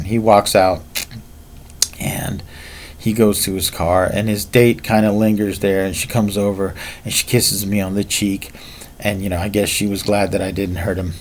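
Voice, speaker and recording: A man's voice: lowish voice, darkish tone. A man telling a martial arts story in a casual, rambling way, with frequent fillers.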